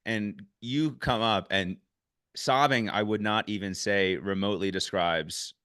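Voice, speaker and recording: Casual male podcast host, low resonant voice, candid, a bit profane. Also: measured pace, clear, resonant tone, no echo, studio quality. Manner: candid, swears freely, animated when retelling. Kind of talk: casual conversational recap.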